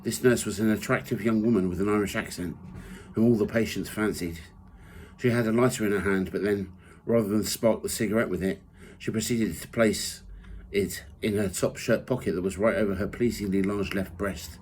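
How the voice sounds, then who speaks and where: A man reading from his own memoir in the first person, measured and steady. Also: fairly low pitch, a little hiss or hum, poor audio. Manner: measured reading, rising loud for quoted shouts.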